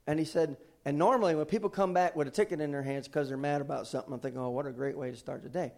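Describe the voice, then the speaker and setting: A man's voice: medium pitch, racing, creaky. A middle-aged man preaching a sermon, telling a story and then urging his congregation on. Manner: animated storyteller, rising to exhortation. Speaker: pastor.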